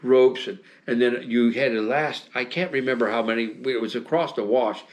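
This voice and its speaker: A man's voice: mid-range voice, moderate pace. A man in his seventies with an American accent, a guest telling long, rambling anecdotes in a casual interview, full of restarts and fillers and frequent chuckles. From United States. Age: 70s. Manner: chuckles often while telling stories.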